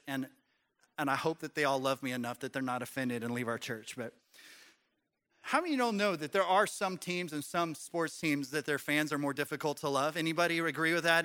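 A man's voice: on the high side, pushed and bright, clear, resonant tone. A man preaching a sermon in a church, conversational and joking with the congregation. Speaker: pastor. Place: church sanctuary.

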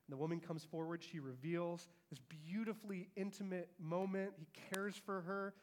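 A man's voice: high voice, normal speed, few pauses. A man, a father and pastor, preaching a sermon to his church and animatedly acting out the lines of the story he tells.

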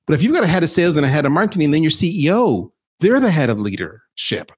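Animated man giving a business talk. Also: on the high side. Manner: animated, informal, emphatic. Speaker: chief revenue officer presenting slides. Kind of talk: conversational business presentation.

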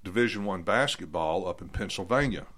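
Folksy host, lowish bright voice, opinionated. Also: male voice, expressive, fairly quick. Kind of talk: casual chat.

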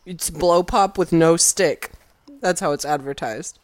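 A man co-hosting a casual chat, questioning a snack in a wry, deadpan way. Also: a little high, a little slow, no echo. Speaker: podcast co-host.

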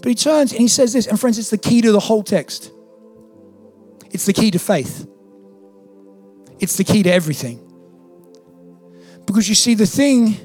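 A male pastor preaching a sermon in a church, talking casually and then building to emphatic peaks. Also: high voice.

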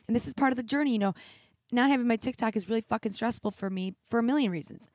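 A woman's voice: a little high, fast talker, darkish tone, no room sound, studio quality. A young woman hosting her own podcast, talking candidly and reflectively, teary at times, with many "like"s. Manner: candid, reflective, heavy use of "like". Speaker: podcast host. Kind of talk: emotional solo podcast monologue. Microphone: studio mic with headphones.

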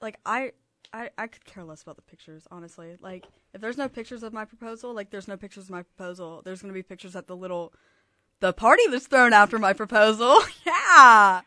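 A woman's voice: medium pitch, lively intonation, brisk, sharp tone, no room sound. A young woman co-hosting a podcast, playful and teasing, laughing often in casual chat. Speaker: podcast co-host.

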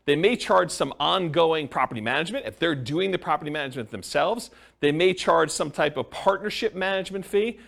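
A man's voice: a little high, expressive, a little fast, vocal fry, a bit bright. A man giving a conversational classroom lecture on real estate partnerships, checking in with his listeners and using many fillers. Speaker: real estate investing instructor.

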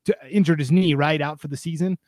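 A young adult man hosting a casual high school sports podcast, upbeat and joking with his co-host. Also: fairly even intonation, fast, a little mellow, no room sound.

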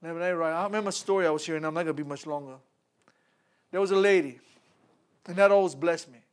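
A man's voice: on the high side, fast. A man preaching a sermon, retelling a Bible story with laughter, stumbles and repeated words. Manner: animated storytelling with laughs and repetitions.

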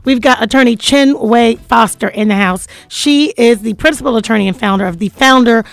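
A woman from Florida hosting a radio talk show, playful and teasing, with quick asides. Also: fairly high pitch, gravelly, no room sound. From Duval County, Florida.

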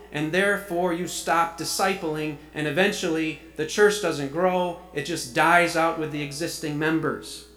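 A man's voice: fairly high pitch, fairly bright tone, roomy sound, low-quality recording. A man preaching a sermon, reading scripture aloud and explaining it earnestly. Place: church sanctuary.

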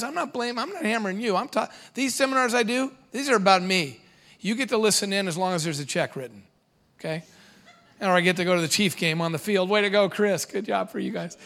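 Man, middle-aged, seminar speaker, joking asides, animated delivery, somewhat high voice. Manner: animated, joking asides, acts out a parent's nagging. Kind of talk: humorous seminar talk to an audience.

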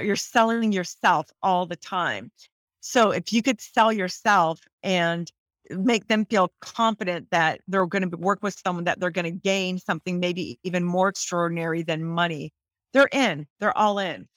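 A woman actress as an interview guest, telling lively stories and acting out the voices in them. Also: fairly low pitch, dry recording. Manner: lively, acts out voices in her anecdotes. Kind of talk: animated storytelling in an interview.

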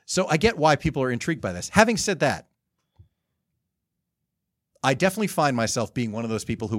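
A man's voice: mid-range voice, dry recording, studio quality. A man hosting a podcast in casual chat, rambling and swearing freely. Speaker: podcast host.

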